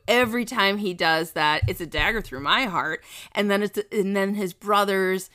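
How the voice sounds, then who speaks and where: Animated woman telling a story. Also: mid-range voice, a little slow. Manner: animated, swears freely, acts out quotes. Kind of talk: casual chat, storytelling.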